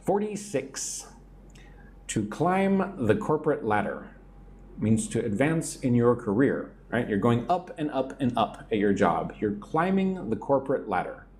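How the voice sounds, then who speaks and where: American male English teacher, live stream on a phone, chatty, responds to viewer comments, expressive pitch. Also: a little slow, a little hiss or hum. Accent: General American. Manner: chatty, reads viewer comments aloud and answers them.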